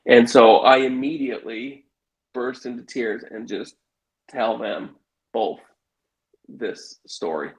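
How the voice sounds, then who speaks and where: A middle-aged man telling a wild personal story in casual conversation, animated and acting out the voices of the people in it. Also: mid-range voice, takes it slowly, pauses often, rough recording. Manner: animated, swearing, acts out quoted voices. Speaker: guest telling a life story.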